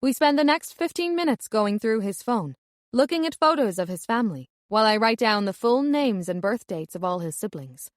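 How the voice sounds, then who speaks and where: A woman's voice: a little high, expressive, moderate pace, no room sound, clean studio sound. A woman reading a first-person romance audiobook in a wry, conversational way. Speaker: audiobook narrator.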